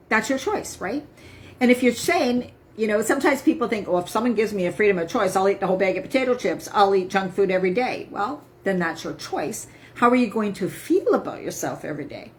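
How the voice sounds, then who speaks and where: A woman's voice: mid-range voice, expressive, a little fast. Woman coach on a live stream, chatty and upbeat, lots of "right?", phone or webcam mic. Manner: upbeat, emphatic, repeats "right?". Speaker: health and eating coach. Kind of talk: casual live-stream talk.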